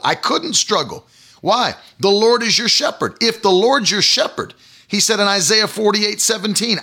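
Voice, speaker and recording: A middle-aged man preaching a sermon, telling a personal story with laughter and animated delivery. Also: sits high.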